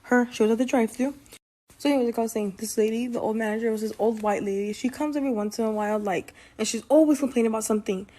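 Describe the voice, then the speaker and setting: A young woman telling a personal story in a casual vlog, rambling and filling every pause with "like.". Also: a little high, warm tone. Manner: rambling, heavy use of "like". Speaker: vlogger.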